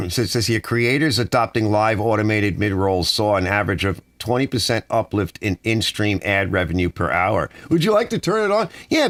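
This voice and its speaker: Here a middle-aged man from the US runs a meandering live stream, complaining and lively as he voices the chat. He speaks on the low side, and the recording is dry.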